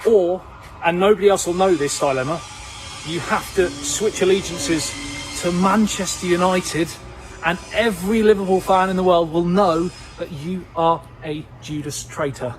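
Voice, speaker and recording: A man's voice: high voice, moderate pace, faint music behind, low-quality recording. A man playfully setting up a teasing dilemma question. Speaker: guest asking a question.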